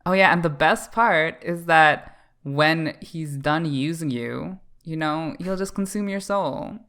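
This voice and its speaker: A man's voice: a little high, slow, sharp tone. A man from Canada co-hosting a podcast, talking in a campy, playful and teasing way in casual chat. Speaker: podcast co-host.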